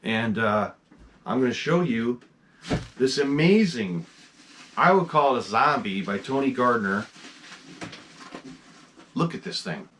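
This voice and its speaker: A man talking at a desk in his home mask room, rambling with plenty of "um"s and restarts. His voice climbs and dips a lot, and his pitch sits in a middle range. He sounds keen and easygoing, like a casual vlog chat. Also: animated, slow, long pauses, a bit bright, slight background noise. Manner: rambling, enthusiastic, many fillers. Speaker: horror mask collection host.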